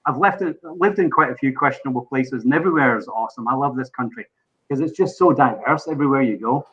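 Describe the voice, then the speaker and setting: A man with an English accent, a podcast guest in casual chat, animated as he tells an anecdote with bursts of laughter. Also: medium pitch, fast talker, highs cut off. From England.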